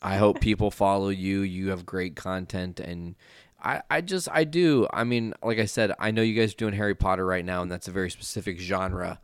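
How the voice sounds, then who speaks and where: A man's voice: deep voice, normal speed, clean tone, dry recording, studio quality. Joking, profane male podcast host. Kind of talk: casual podcast chat.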